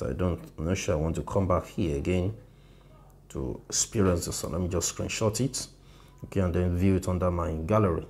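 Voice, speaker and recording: A man giving a loose, casual design tutorial on his phone, often correcting himself and laughing softly. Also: sits low, creaky.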